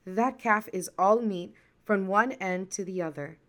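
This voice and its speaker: A woman's voice: medium pitch, a little slow, lightly acted. A woman voicing Uncle Buki, a greedy, scheming male trickster in a folktale, sly and sweet-talking when he wants something. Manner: sly, turns loud and panicked.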